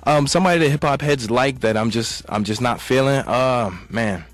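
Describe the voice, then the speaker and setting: A man talking as a guest on a radio show in a studio booth. He speaks in a relaxed way with hesitant fillers and often says "man". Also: mid-range voice, normal speed, no room sound, soft background music. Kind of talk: casual radio interview.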